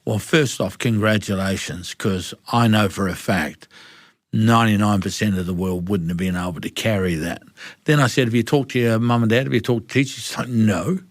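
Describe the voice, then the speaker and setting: A man's voice: fairly low pitch, normal speed, dry recording, clean studio sound. A middle-aged man with a New Zealand accent, a guest speaking frankly in an interview and acting out the dialogue of his stories. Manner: animated storyteller acting out dialogue. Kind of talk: candid interview storytelling.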